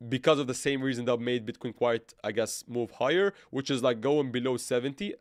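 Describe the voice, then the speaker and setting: Halting man reading live chat. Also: mid-range voice, dry recording, clean studio sound. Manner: halting, stumbles and restarts, thinks aloud while working charts. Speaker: crypto trading livestream host. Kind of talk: casual live trading commentary, reading chat comments.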